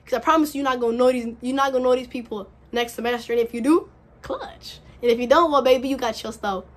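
A woman's voice: fairly high pitch, racing. A woman in her early twenties chatting casually to camera as a vlogger, slangy and earnest, repeating her points as she encourages her viewers. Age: early 20s. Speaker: vlogger giving college advice. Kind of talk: casual direct-to-camera chat.

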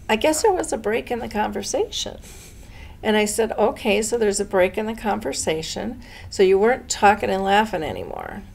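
Middle-aged woman telling a heartfelt story, bit of vocal fry, acts out the quotes. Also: mid-range voice, darkish tone. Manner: earnest, dramatic retelling with voiced quotes. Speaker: dementia educator and host. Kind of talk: conversational storytelling.

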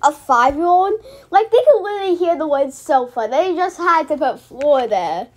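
A woman's voice: sits high, animated, moderate pace. A young woman giving casual, mocking commentary on a cartoon episode, often stopping and restarting. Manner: chatty, restarts a lot, mocking. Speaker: reaction video host.

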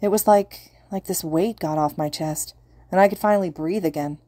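A woman voicing a gentle, sincere teenage boy in a storybook reading. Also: fairly low pitch, moderate pace, dry recording, lightly acted. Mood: earnest. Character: earnest, kind teenage boy.

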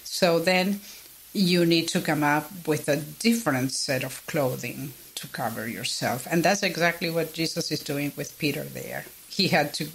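A woman's voice: sits low, measured pace, creaky, a little hiss or hum, poor audio. A non-native English-speaking woman on a Bible discussion podcast, reflective and personal, often checking in with listeners. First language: not English. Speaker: panelist.

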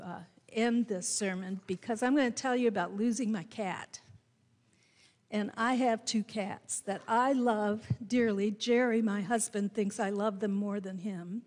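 A woman pastor preaching a sermon, telling a personal story in a slow, gentle way with emphatic rises. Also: on the high side. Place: church sanctuary. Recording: reverberant church sanctuary.

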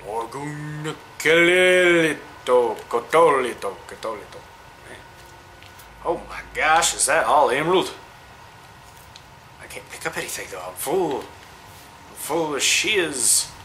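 A man giving chatty, excitable let's-play commentary, cooing at the creatures he meets. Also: mid-range voice, a little slow, pauses often, a little hiss or hum, rough recording. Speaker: gamer.

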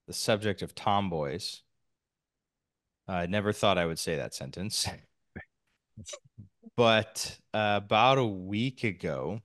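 A man hosting a podcast, talking in a measured way with restarts and small laughs. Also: sits low, a bit bright, clear, resonant tone, no echo, clean studio sound. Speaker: podcast host. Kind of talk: casual podcast chat.

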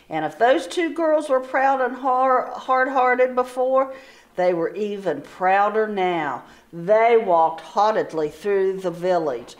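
A woman teacher reading a storybook aloud to children, slow and deliberate. She tells the story expressively and pauses to ask the listeners questions. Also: mid-range voice.

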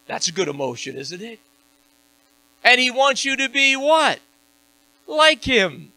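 A pastor preaching in a church, his gravelly voice bright and cutting, pitched a little high for a man. He drives his points with punchy questions and answers them himself. A faint mains hum sits under the recording. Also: lively intonation, a little slow, no room sound, poor audio. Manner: preaching with rising, emphatic call-and-response questions. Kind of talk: sermon. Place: church sanctuary.

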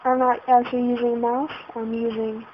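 A woman's voice: fairly high pitch, flat delivery, brisk, a little hiss or hum. A woman giving casual let's-play commentary, flustered and exclaiming in panic as she plays. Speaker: gamer. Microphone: laptop setup. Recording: dull lo-fi home recording.

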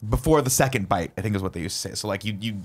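A man telling a story in a casual podcast chat, emphatic and profane, in quick bursts. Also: fairly low pitch. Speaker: podcast co-host.

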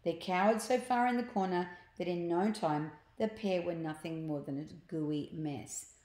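A woman reading a children's book aloud, pausing to explain words and pictures to young listeners. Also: fairly low pitch, a little mellow. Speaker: storyteller. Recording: echoey room.

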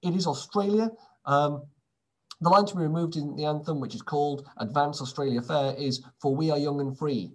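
A man with a voice on the high side, speaking at a normal speed, casually reads through quiz answers as the presenter. Between questions he slips in wry, sarcastic asides.

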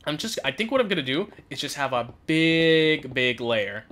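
A man giving live commentary over his own gameplay, talking to himself and getting loud and giggly when things go wrong. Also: on the high side, normal speed. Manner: excitable, talks to himself, yells and laughs under pressure. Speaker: gaming YouTuber.

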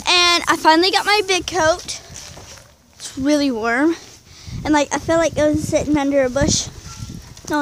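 A young woman, chatting excitedly to her phone camera outdoors in falling snow, full of "y'all" and "like". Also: high voice. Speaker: vlogger. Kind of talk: casual outdoor vlog. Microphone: handheld phone camera. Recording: noisy outdoor phone recording.

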